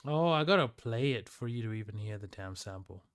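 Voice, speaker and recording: A man's voice: fairly low pitch, lively intonation, brisk, fairly bright tone, clear, resonant tone. A man streaming live, chatting loosely with his viewers and answering their messages aloud. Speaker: livestreamer.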